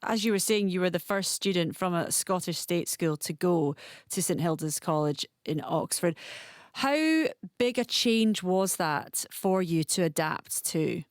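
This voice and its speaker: A woman's voice: on the low side, animated, measured pace, dry recording, clean studio sound. A woman presenter interviewing a guest, asking polite, encouraging questions. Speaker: radio presenter.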